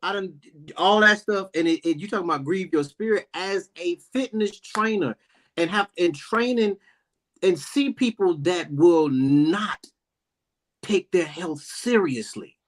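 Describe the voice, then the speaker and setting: Animated fitness trainer man, preachy. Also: sits high, a little slow. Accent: African American Vernacular English. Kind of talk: casual group chat.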